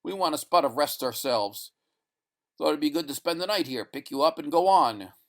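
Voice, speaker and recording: A man doing a calm rescuer. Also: a little high, normal speed. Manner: calm and reassuring. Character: calm male spaceship rescuer, soothing.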